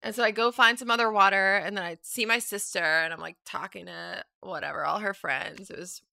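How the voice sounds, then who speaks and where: A woman in her thirties chatting as a guest, telling an animated story full of fillers and acted-out quotes. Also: medium pitch, a little fast, vocal fry, no echo. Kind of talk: casual chat, storytelling.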